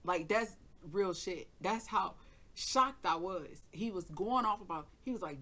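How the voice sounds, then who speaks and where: A woman hosting her own tarot channel slips into a casual, unfiltered story. Her voice is bright and sharp, and she talks with animated emphasis, swearing freely as she replays the argument line by line. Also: mid-range voice, moderate pace. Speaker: tarot reader and channel host.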